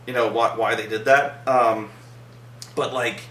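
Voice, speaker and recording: A man's voice: mid-range voice, steady tone, unhurried, a bit bright, recorded from a distance. Rambling man in an echoey room. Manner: rambling, many fillers and repeats, sarcastic. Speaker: movie reviewer, co-host. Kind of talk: casual review chat.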